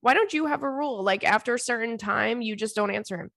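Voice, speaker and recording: A woman's voice: a little high, fast talker, vocal fry, a bit bright, no room sound, clean studio sound. A woman podcast host and comedian giving casual advice, chatty and blunt, swearing freely and laughing often.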